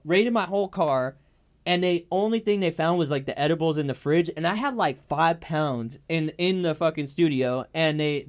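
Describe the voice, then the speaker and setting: A young man tells a long story in a relaxed, slangy way, full of "like" and "bro". His voice sits a little high for a man and sounds smooth and resonant. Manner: laid-back slangy storytelling with many fillers. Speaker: guest. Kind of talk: casual storytelling interview.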